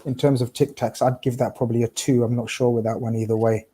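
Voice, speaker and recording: A man's voice: medium pitch, little pitch movement, fast talker, mellow, husky. A man hosting a football podcast, loose and jokey, stumbling over names and asking the panel's views. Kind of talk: casual football chat.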